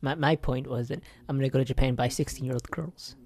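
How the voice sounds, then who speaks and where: A man's voice: medium pitch, steady tone, fast talker, darkish tone. A man with a Mexican accent co-hosting a casual podcast, tossing in joking asides and laughing often. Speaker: podcast co-host. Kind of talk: casual chat.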